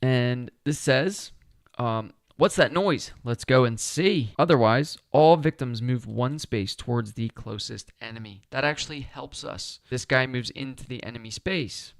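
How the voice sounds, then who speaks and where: A man's voice: medium pitch, a little slow, no echo, studio quality. A man talking himself through a solo board game playthrough, chatty and upbeat as he explains each move.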